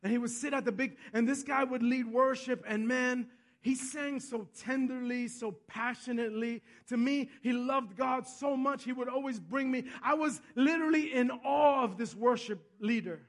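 A man preaching a sermon as pastor, telling stories and asking "Amen?", swinging between hushed and loud. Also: very high voice, moderate pace. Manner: storytelling, repeats himself, asks the congregation "Amen?".

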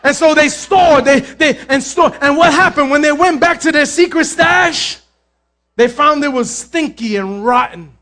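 A male pastor preaching a lively, humorous sermon, calling out to the congregation, acting out biblical characters and mixing in Spanish phrases. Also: extremely high pitch, measured pace. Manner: lively preaching with jokes and call-outs to the congregation; acts out biblical characters' voices. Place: church.

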